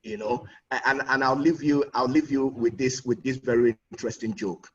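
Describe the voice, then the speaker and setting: A man's voice: medium pitch, fairly even intonation, moderate pace. A man giving an earnest conference talk as a guest speaker, often repeating words as he builds a point. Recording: distant muffled online audio.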